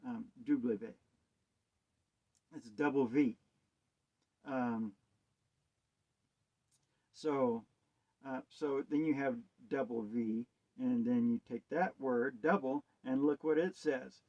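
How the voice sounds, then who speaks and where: Dull lo-fi sound captures a self-styled preacher's hesitant, rambling monologue on scripture and wordplay, full of musing rhetorical questions. His medium-pitched voice has a dark tone, and he goes slowly with long pauses.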